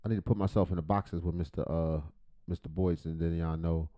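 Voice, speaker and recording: A man's voice: sits low, steady tone, a little fast, mellow. A man hosting a comedic livestream reaction, rambling, swearing and joking. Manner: rambling, profane, joking, self-interrupting. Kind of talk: casual comedic reaction commentary.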